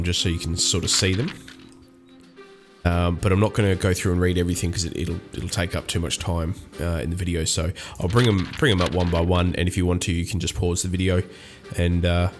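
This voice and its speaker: A man's voice: deep voice, steady tone, a little fast, soft background music. An Australian man giving casual gameplay commentary, rambling with many ums and restarts. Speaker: gaming YouTuber.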